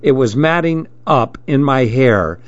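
A man reads a story aloud at an unhurried pace, calm and steady, with a mid-range voice. The sound is dry and close, and the recording is dull and lo-fi. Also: mid-range voice, no room sound. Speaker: narrator. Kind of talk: storybook narration.

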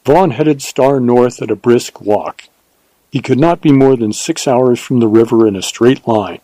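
Mellow male audiobook narrator. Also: medium pitch, unhurried, no echo, rough recording.

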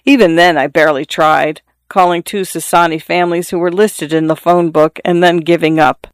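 A man reading a literary novel aloud as an audiobook narrator, in a measured, even storytelling delivery. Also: on the high side, clean tone, dry recording, studio quality.

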